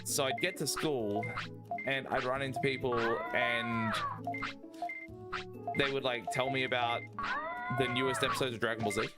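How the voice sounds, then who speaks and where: Aussie streamer guy, mid-pitch voice, rambly and sweary, game music going loud in the back. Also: normal speed, long pauses. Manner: rambling, excitable, swears a lot, many fillers. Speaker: speedrun streamer. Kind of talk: casual chat while playing. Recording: game music playing behind. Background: video game music.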